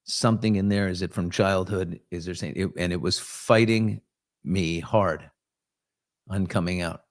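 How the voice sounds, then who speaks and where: A man's voice: low-pitched, steady tone, unhurried. A man in his fifties from New York, hosting a casual live chat and answering viewers, rambling and self-reflective with joking asides. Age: 50s. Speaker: host.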